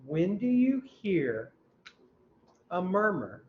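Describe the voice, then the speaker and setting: A man teaching a class, quizzing students and mimicking heart sounds out loud, heard in a dull, lo-fi classroom recording. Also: sits high, sing-song, extremely slow. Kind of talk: classroom lecture. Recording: dull lo-fi recording with faint hum.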